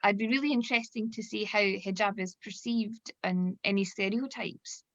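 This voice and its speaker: A woman's voice: mid-range voice, normal speed, no room sound. A woman hosting a panel on a video call, talking in a rambling way and poking fun at herself. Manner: warm, self-deprecating, rambling. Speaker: host. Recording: dry, muffled video-call audio.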